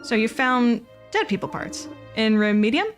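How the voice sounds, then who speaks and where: A woman's voice: a little high, sing-song, moderate pace, faint music behind. A woman voicing a folksy, horse-obsessed male apothecary in a game, full of horse sayings.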